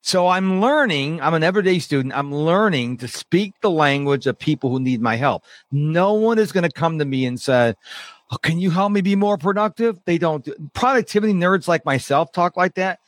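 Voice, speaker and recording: A middle-aged man who coaches people on overwhelm, talking casually as a podcast guest and acting out quotes in lively voices. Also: on the high side, moderate pace, few pauses, dry recording. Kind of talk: casual interview talk.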